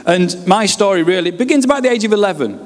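A man with a Yorkshire accent tells his testimony from the pulpit, his voice sitting a little higher than most men's. His storytelling is lively and full of humour. The sound carries a long reverb from a large hall. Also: quick pace. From West Yorkshire, England. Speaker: pastor. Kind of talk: preaching a personal testimony.

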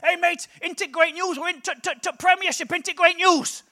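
A man's voice: very high voice, a little fast, voice pushed up, heavily acted. A man doing an overjoyed northern football fan. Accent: Northern English. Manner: overjoyed, stammering with excitement.

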